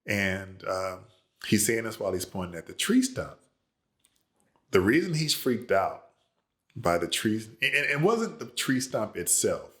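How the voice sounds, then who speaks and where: A man with a very deep voice tells a family anecdote in a relaxed, conversational way. He speaks as an author sharing a story left out of his book, with everyday fillers and easy pauses. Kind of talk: casual personal storytelling.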